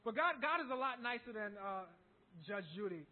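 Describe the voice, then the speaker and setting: A pastor delivering a sermon in an emphatic manner, building to loud passages. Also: male voice, extremely high pitch, lively intonation, moderate pace, a little hiss or hum. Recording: tinny phone-like recording.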